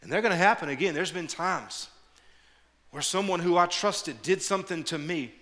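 Middle aged guy preaching, kinda high voice, gets lively then quiet like praying, repeats himself a lot. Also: normal speed. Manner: animated storytelling, repeats words, shifts to quiet prayerful tone. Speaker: pastor. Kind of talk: sermon.

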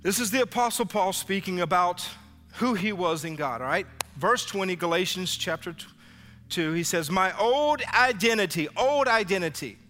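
A man preaching a lively sermon as pastor, acting out biblical dialogue for his congregation in church. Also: high-pitched, moderate pace. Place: church sanctuary. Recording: live hall reverb with faint music.

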